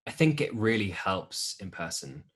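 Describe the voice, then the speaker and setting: A man's voice: fairly low pitch, animated, moderate pace, a bit bright. A young man, a musical theatre actor, chatting as a podcast guest in a rambling way with many restarts. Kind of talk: casual chat.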